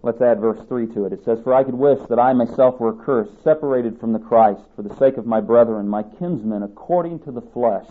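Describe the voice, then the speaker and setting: A man's voice: mid-range voice, fairly quick, hardly any pauses. A man preaching a sermon, reading scripture aloud and driving his points home with emphatic repetition. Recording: tinny phone-like sermon tape.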